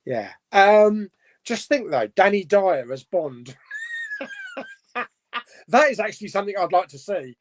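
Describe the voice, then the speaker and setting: A man's voice: sits high, big pitch swings, moderate pace, noisy background. A man hosting a casual live stream chat, reading out viewer comments and rambling chattily with frequent self-corrections and laughs.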